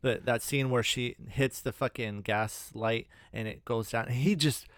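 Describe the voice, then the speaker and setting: A man's voice: mid-range voice, steady tone, unhurried, clear, resonant tone, dry recording, clean studio sound. A man co-hosting a casual movie podcast, laid-back and profane, steering the talk back on topic. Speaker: podcast co-host.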